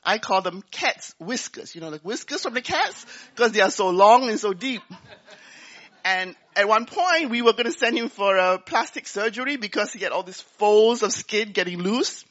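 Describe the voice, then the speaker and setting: A woman giving a talk, telling a personal story in an animated way and acting out the dialogue. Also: medium pitch, moderate pace, muffled recording. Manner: animated, acts out dialogue, laughs often. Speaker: business speaker.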